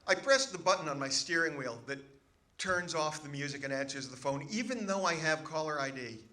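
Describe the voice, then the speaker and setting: A man's voice: on the high side, a little fast, bright, forceful tone. A man, a comedian, telling a funny story on stage with a dry, wry delivery. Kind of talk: stand-up storytelling. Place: stage with live audience. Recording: live show with audience laughter.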